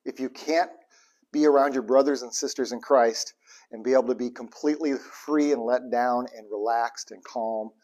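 A man's voice: mid-range voice, fairly even intonation, normal speed, darkish tone. Irreverent joking male preacher. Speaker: pastor. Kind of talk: sermon.

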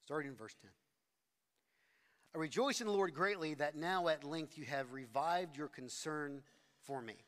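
A man's voice: fairly high pitch, normal speed, long pauses, big-room sound. A middle-aged man preaching a sermon, telling a personal story in a conversational, self-deprecating way with frequent restarts. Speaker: pastor.

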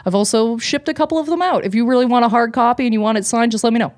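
A woman comedian co-hosting a podcast, telling a story in a casual, animated way, swearing freely and laughing often. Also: a little high, rapid-fire.

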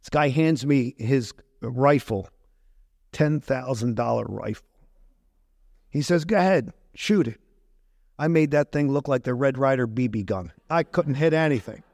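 A man's voice: mid-range voice, lively intonation, measured pace, pauses often, no room sound, studio quality. A man pastor preaching a conversational sermon, full of rhetorical questions and asides to the congregation.

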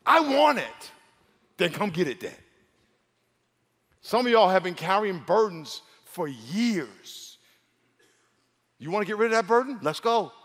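A pastor from New York preaching a humorous sermon, acting out dialogue between stories. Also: male voice, very animated, measured pace, long pauses. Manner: storytelling, acts out dialogue with big pitch swings and laughs. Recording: long hall reverb.

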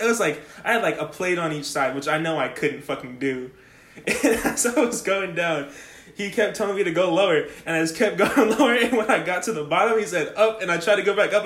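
Give me a young man with a high voice telling a rambling story in an echoey room, laughing often. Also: fairly bright tone. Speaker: storyteller in a casual chat. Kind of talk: casual chat.

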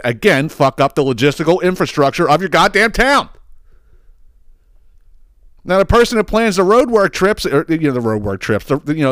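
A man hosting a podcast, telling a long, profane, animated rant full of restarts. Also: fairly high pitch, no room sound, clean studio sound. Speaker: podcast host. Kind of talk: ranting storytelling.

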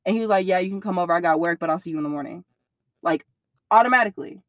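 A young woman in an interview, telling a personal story in a blunt, profane, animated way. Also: lowish voice, rapid-fire, no echo, studio quality.

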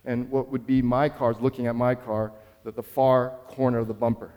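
A man's voice: mid-range voice, little pitch movement, moderate pace, long reverb tail, highs cut off. A man preaching a sermon as pastor, telling a story in an earnest, conversational way.

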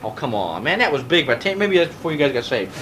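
A man's voice: mid-range voice, big pitch swings, quick pace, a bit bright, slight background noise. A middle-aged man teaching a Bible study as pastor, pressing his listeners with rhetorical questions and taking questions from them. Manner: emphatic, fond of rhetorical questions. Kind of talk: preaching lecture with questions from the audience.

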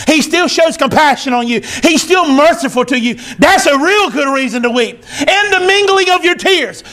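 A male pastor preaching a sermon in church, emphatic and teary, repeating short phrases and building to shouts. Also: extremely high pitch. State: teary, emotional.

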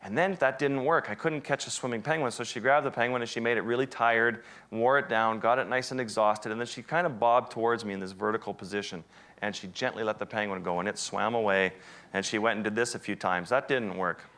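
A wildlife photographer giving an animated, self-deprecating storytelling talk to an audience. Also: male voice, lowish voice, fairly quick. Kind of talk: storytelling presentation.

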